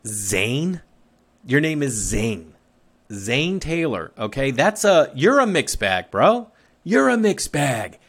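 A man's voice: mid-range voice, big pitch swings, slow, a bit bright. A man hosting a golf podcast, teasing his callers in loose, joking chat. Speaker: podcast host. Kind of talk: casual comedic podcast talk.

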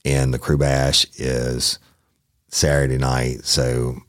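Southern guy, very deep voice, cussing and laughing thru an old cop story, dry close sound. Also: takes it slowly, dry recording. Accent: Southern US, Louisiana. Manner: profane, laughing, animated retelling with quoted voices. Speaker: podcast host, former detective. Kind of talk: casual storytelling.

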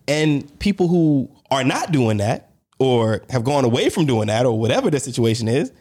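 A man co-hosting a casual podcast, telling a story with lively pitch swings and acted-out quotes. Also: moderate pace, husky. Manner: animated storyteller, acts out quoted voices, laughs between lines. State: on crutches. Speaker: podcast co-host.

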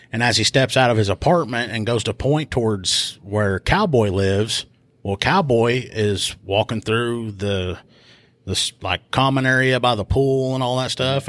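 A man, a police officer and podcast host, telling a casual story about an arrest, animated and swearing freely as he acts out voices. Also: medium pitch, no room sound.

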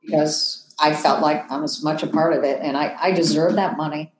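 A woman in her fifties, a television personality telling an emotional story in a podcast interview, animated and acting out the voices she quotes. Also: low-pitched, moderate pace, reverberant, low-quality recording. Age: 50s.

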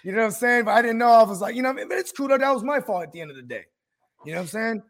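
A man hosting a podcast, telling a story in a profane, animated way and acting out the quotes. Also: extremely high pitch, racing. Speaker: podcast host. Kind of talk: casual podcast chat.

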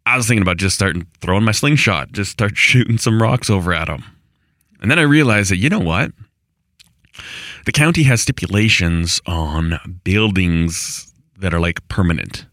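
A man's voice: low-pitched, fairly bright tone, dry recording, clean studio sound. A middle-aged man talking to camera in a rambling, conversational monologue, with restarts and exasperated asides. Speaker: vlogger on rural homestead life. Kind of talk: casual monologue.

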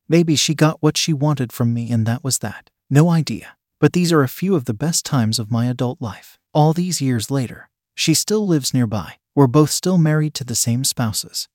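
A man telling a first-person erotic story in a calm, steady, reflective storytelling manner. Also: mid-range voice, no room sound, studio quality. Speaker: narrator.

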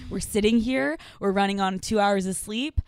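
A young woman co-hosting a podcast, excitable and laughing, jumping in with quips and acted-out retellings. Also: mid-range voice, moderate pace, dry recording, clean studio sound. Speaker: podcast co-host. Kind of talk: casual chat.

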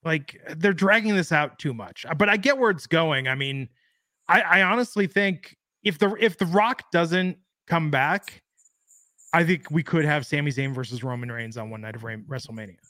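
A man's voice: a little high, normal speed, bright, forceful tone, no room sound, studio quality. Chatty man recapping wrestling. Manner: chatty, opinionated, rambling with many "like"s. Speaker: wrestling show co-host. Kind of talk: casual podcast chat.

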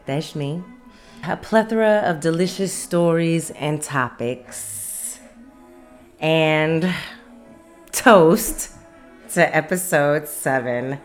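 A woman in her thirties from Las Vegas talks through her podcast in a low, easy voice. She rambles from one aside to the next and laughs often. Faint music sits under her voice. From Las Vegas, Nevada. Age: 30s. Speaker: podcast host. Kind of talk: casual solo podcast chat. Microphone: studio mic on camera.

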